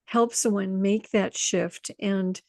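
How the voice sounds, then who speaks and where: Woman coach, animated storyteller, mid pitch, dry close sound. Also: takes it slowly, no room sound. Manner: animated storyteller, acts out quotes, laughs often. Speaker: intuition coach. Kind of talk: casual conversation.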